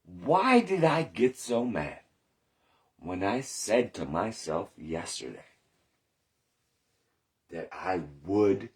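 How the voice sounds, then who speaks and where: A man's voice: lowish voice, sing-song, slow pace, long pauses. A man in recovery telling his story in a candid, rambling monologue, swearing often and questioning himself aloud. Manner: rambling, profane, self-questioning.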